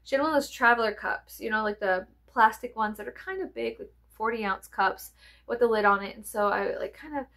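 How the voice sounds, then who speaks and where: A woman, telling rambling stories in a chatty, profane, animated way. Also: on the high side, a little fast. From American South. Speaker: vlogger. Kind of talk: rambling casual storytelling.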